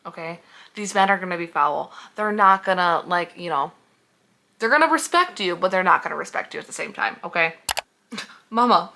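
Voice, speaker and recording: A woman's voice: fairly low pitch, bright, forceful tone, a little hiss or hum. A young woman reviewing books in a casual vlog, heated and sarcastic, swearing freely as she reacts. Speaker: book reviewer.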